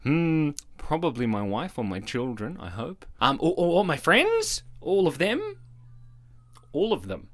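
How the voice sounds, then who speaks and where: A man's voice: a little high, huge pitch swings, measured pace. A man in his thirties from Australia hosting a comedy vlog, playful and self-mocking and often laughing. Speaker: comedy YouTuber host.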